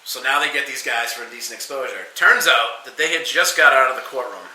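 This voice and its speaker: A man's voice: medium pitch, fairly quick, roomy sound, low-quality recording. Man telling a profane bar story. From New England. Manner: animated, profane, acts out quotes. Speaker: podcast guest. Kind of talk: casual storytelling.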